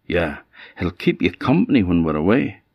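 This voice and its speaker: A man's voice: sits low, sing-song, moderate pace, gravelly, slightly rough, no echo, lo-fi sound, full character voice. A man with a Scottish accent voicing a mild, eager old woodcutter. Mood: plain. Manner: plain-spoken, hushed and secretive at times.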